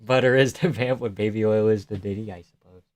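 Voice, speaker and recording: A man's voice: fairly low pitch, steady tone, a little fast. Man joking through a live stream. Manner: joking, reads viewer messages aloud, trails into near-whispers. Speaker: live stream host reading chat. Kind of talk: casual live stream chat.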